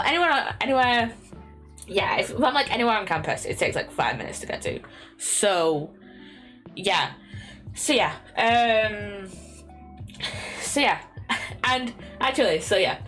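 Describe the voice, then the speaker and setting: A woman's voice: a little high, a bit bright. A young woman chatting casually on a stream from her bedroom, rambling with lots of fillers, restarts and little laughs. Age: young adult. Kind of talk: casual chat. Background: faint lo-fi music.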